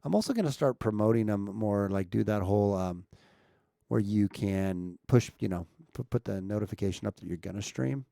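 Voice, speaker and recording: Gravelly guy on a live stream chatting with viewers, dry close mic. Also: lowish voice, expressive, moderate pace, dark tone, dry recording. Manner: chatty, talks to viewers, fiddles with mic levels. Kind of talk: casual live stream chat. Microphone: streaming mic at home setup.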